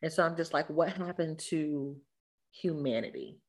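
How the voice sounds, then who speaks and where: A woman in casual chat, blunt and animated, talking in quick bursts. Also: deep voice.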